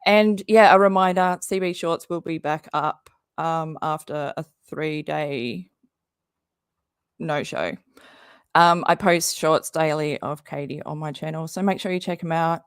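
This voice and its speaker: A woman's voice: low-pitched, measured pace, clear, resonant tone, dry recording, studio quality. A woman who is losing her voice hosts a casual livestream from home, chatting, greeting viewers and laughing often. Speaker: livestream host. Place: home under a tin roof in rain.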